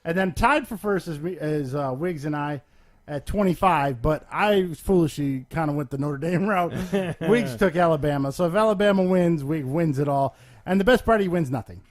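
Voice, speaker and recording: A man's voice: on the high side, moderate pace. A man hosting a casual podcast chat, reading off a list of picks and asking the others for their verdicts. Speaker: podcast host.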